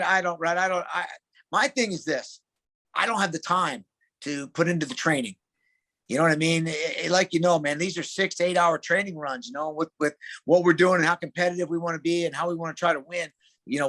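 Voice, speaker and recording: A middle-aged man, a wrestling coach, chatting as a podcast guest in an emphatic, excitable way. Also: a little high. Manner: emphatic, excitable, calls people dude. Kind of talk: casual interview chat.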